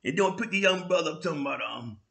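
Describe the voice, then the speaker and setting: Animated New York man telling a street story. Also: on the high side, fast, vocal fry, reverberant. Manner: animated street slang with frequent "you know what I'm saying"; sound effects and loud bursts. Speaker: vlog host. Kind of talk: casual storytelling monologue.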